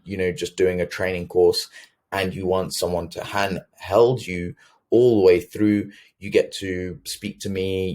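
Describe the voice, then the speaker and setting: A man's voice: low voice, a little mellow. A man hosting a sales webinar, talking earnestly with many ums and restarts. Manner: earnest, filler-heavy, self-correcting. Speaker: webinar host.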